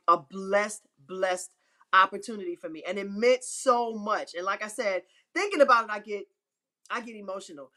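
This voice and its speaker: A woman speaking as an inspirational speaker in a faith-filled motivational talk, emphatic and repeating phrases for effect. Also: sharp tone. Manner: acts out quotes with pitch swings.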